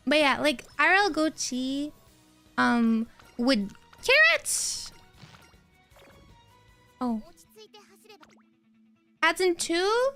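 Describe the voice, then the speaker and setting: High-voiced, unhurried woman streamer. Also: soft background music. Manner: rambling and excitable, answers chat. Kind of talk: casual live-stream chat while gaming.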